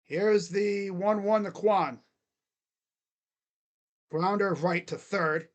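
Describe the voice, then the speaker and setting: A man doing excitable live play-by-play as a fan, cheering, chanting and grumbling at his team. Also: sits high, extremely slow, highs cut off. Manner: animated, cheering and chanting, swings to muttered grumbling. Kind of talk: excited live game commentary.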